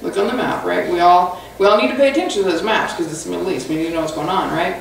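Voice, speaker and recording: A woman pastor preaching a conversational sermon with animated, humorous storytelling, recorded in a church sanctuary away from the mic. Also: fairly low pitch, racing, gravelly, slight background noise. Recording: echoey hall from far off.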